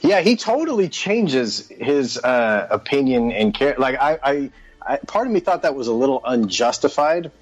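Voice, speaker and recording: A man's voice: mid-range voice, big pitch swings, moderate pace, lo-fi sound. A man co-hosting a podcast, chatting casually about a book and sharing his opinions. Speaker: podcast co-host. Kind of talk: casual book club chat.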